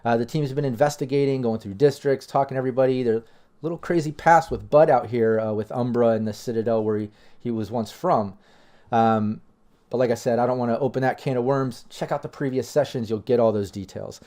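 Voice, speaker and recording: Brief: male game master, loose casual narration, mid pitch. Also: steady tone, brisk, warm tone. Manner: casual, filler-heavy narration.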